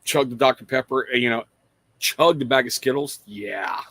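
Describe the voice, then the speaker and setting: A man's voice: mid-range voice, moderate pace, bright, forceful tone, no room sound. A middle-aged man hosting a livestream, chatting casually and rambling to viewers, calling out their names and swearing freely. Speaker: livestream host.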